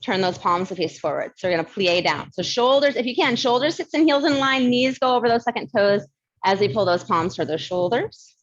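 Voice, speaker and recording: A woman instructor leading a barre fitness class, chatty and quick to laugh, counting down reps, with a slight lisp. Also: mid-range voice, lively intonation, highs cut off. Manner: mild lisp from new aligners.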